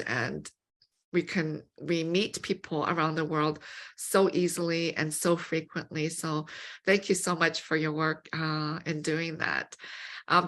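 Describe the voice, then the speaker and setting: A woman hosting an interview podcast, enthusiastic and quick to laugh. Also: low-pitched, fairly bright tone. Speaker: podcast host. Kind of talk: conversational interview.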